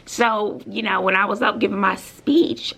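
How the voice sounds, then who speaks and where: A bubbly woman from Brooklyn, a middle school teacher, chats casually to her vlog audience. Her voice is bright and sharp with a gravelly edge, and she talks with lots of fillers and open feeling. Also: mid-range voice, steady tone, normal speed. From Brooklyn, New York. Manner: bubbly and emotional, with many fillers.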